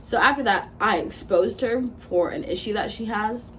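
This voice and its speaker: A young woman in her twenties venting through a storytime vlog at a mid-range pitch. She is blunt and swears freely, and she acts out both sides of old arguments as she retells them. A faint hiss sits under her voice. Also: moderate pace. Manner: blunt and profane, retelling with quoted back-and-forth. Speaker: vlogger. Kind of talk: casual storytime rant.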